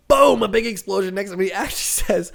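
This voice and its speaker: A young man co-hosting a casual podcast, retelling a comic story with lots of acted-out lines and sudden shouts. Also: high-pitched, normal speed, creaky. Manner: animated storyteller, acts out characters' lines. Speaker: podcast co-host. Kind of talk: casual comic-book recap chat.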